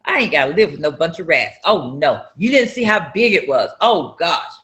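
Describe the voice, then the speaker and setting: A woman from North Carolina, telling a personal story in an interview and acting out the dialogue with loud outbursts. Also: sits low, very animated, normal speed. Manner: acts out dialogue with sudden loud raised outbursts. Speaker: interview guest, entrepreneur.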